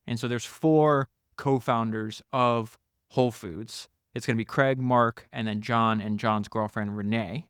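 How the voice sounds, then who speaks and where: A man's voice: medium pitch, fairly even intonation, measured pace, fairly bright tone, clear, resonant tone, no room sound, studio quality. A man hosting a podcast, enthusiastically retelling a founder's biography in casual talk. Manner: enthusiastic, frequent restarts and "you know". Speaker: podcast host.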